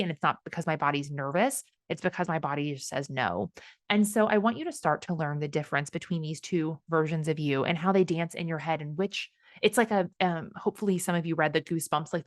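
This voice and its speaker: A woman in her thirties hosting a solo podcast, telling personal stories in a candid, animated way with laughs and some swearing. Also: deep voice, no room sound, clean studio sound. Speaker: podcast host.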